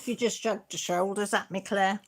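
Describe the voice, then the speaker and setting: A woman's voice: medium pitch, fairly even intonation, normal speed, a little hiss or hum. A middle-aged woman, hosting a casual livestream and chatting and teasing as she answers viewer comments. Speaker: channel host.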